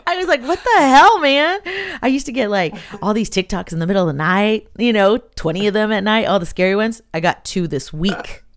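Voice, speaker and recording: A woman co-hosting a podcast in casual chat, telling stories in an animated way and laughing often. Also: medium pitch, brisk, hardly any pauses. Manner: laughs a lot, animated storytelling. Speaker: podcast co-host.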